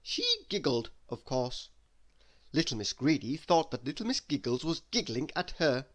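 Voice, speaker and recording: A man reading a children's bedtime story aloud, animated and asking the listener questions as he goes. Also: mid-range voice, moderate pace.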